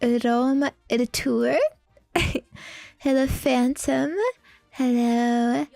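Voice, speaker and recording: High-voiced giggly woman streamer. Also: little pitch movement, very slow, creaky, mellow, dry recording, faint music behind. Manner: giggly, playful, teasing. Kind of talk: casual live-stream chat.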